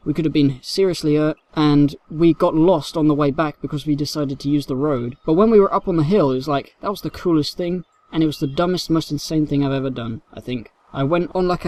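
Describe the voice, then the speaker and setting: A man's voice: on the high side, a little mellow. A young man from England with a London accent, casually rambling through viewer questions in a Q&A vlog. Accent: London English. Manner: rambling, self-deprecating, reads questions aloud. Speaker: YouTuber answering viewer questions.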